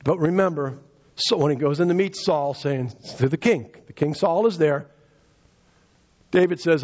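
A man's voice: on the high side, normal speed, darkish tone. A man preaching a sermon, retelling scripture in casual speech and repeating key phrases for emphasis. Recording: dull lo-fi recording.

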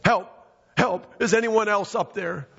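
A man voicing a panicked man dangling from a cliff, yelling and pleading for help. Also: sits high, animated, a little slow, a little hiss or hum, voice pushed up. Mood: desperate. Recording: dull, echoey hall recording.

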